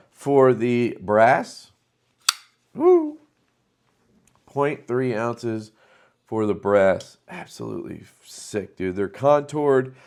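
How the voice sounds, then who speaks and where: A man's voice: mid-range voice, darkish tone, clean tone. Chatty enthusiastic man showing knives. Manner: enthusiastic, loose and chatty with fillers. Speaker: knife channel host. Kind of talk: casual product showcase.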